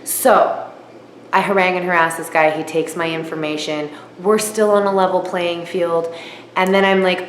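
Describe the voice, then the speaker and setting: Animated self-mocking woman in a roomy echo. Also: moderate pace. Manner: animated, self-mocking, jumps high when quoting herself. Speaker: aquarium hobbyist vlogger. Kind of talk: comic storytelling vlog. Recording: roomy echo with faint noise.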